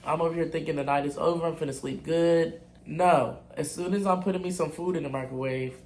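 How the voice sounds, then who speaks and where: A man's voice: fairly high pitch, steady tone, brisk, a little mellow. Blunt young man telling a storytime. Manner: candid, blunt and profane, talks straight to viewers. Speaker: vlogger. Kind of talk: casual storytime.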